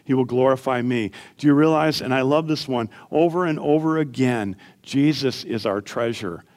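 Earnest pastor preaching, swinging from emphatic to soft. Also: male voice, medium pitch, normal speed. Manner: earnest, rising to emphatic peaks then dropping to soft storytelling. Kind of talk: sermon.

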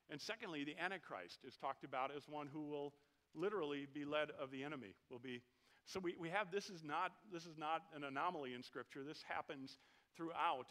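A man's voice: on the high side, a bit bright. A middle-aged man preaching a sermon in a conversational, joking way, often asking his listeners questions. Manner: conversational, jokey, asks the congregation questions. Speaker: pastor.

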